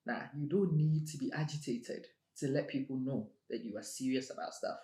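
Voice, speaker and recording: A woman giving a motivational monologue in a measured, emphatic way, repeating her key phrases. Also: a bass voice, dark tone. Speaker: motivational speaker. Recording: roomy echo with faint music.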